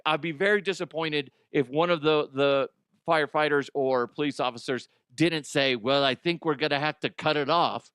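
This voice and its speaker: A man's voice: a little high, fairly bright tone, clean tone, no room sound, studio quality. A middle-aged man hosting a comedy news podcast, riffing crudely, laughing at his own jokes and slipping into silly voices. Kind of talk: casual comedic monologue.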